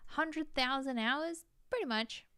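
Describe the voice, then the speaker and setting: High-voiced, bubbly woman streamer who giggles often and sounds a little scattered while chatting with her viewers. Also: a bit bright, no echo, studio quality. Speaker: live streamer. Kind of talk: casual live-stream chat.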